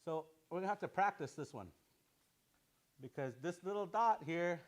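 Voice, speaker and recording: A man's voice: sits high, animated. A man teaching a language class, explaining pronunciation patiently and repeating sounds aloud for students to copy. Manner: explains slowly, repeats sounds aloud for practice, chuckles often.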